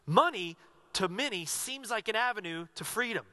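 A male pastor delivering a sermon in a high, bright, forceful voice. He presses the congregation with one earnest question after another. When he voices a prayer, he sinks to a hushed tone. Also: expressive, normal speed.

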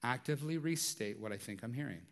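A man's voice: medium pitch, expressive, quick pace. A man preaching a sermon in a conversational way, with light humor and frequent rhetorical asides. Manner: light humor, acts out everyday dialogue. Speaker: pastor.

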